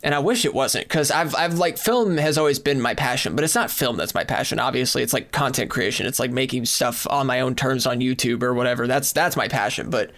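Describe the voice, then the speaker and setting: A young man co-hosting a podcast rants in exasperation, complaining in casual chat and swearing heavily. His medium-pitched, slightly bright voice runs a little fast with hardly any pauses, and at times he drifts far from the mic.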